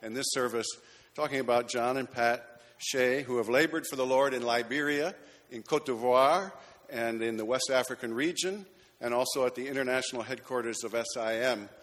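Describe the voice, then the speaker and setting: A pastor with a middle-pitched voice speaks in a chatty, lightly joking way as he honors people from the front of the church. His voice carries a long reverb through the sanctuary. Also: a bit bright. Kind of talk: church announcements and recognition.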